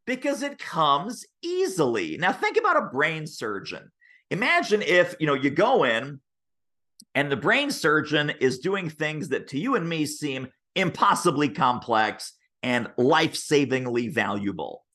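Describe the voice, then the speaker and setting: A man talking as a sales expert on a podcast interview over a video call, telling stories and acting out the voices of the people in them. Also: unhurried. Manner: lively, acts out quoted voices with big pitch jumps. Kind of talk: animated interview storytelling.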